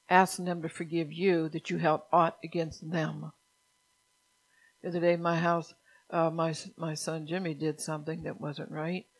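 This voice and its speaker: Fervent preaching woman, flat delivery. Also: deep voice, poor audio. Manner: fervent, scolding, rising to loud emphatic bursts. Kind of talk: sermon.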